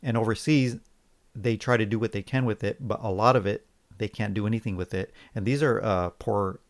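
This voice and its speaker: A man co-hosting a podcast in casual opinion chat, sarcastic and halting with restarts. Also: fairly low pitch. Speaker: podcast co-host.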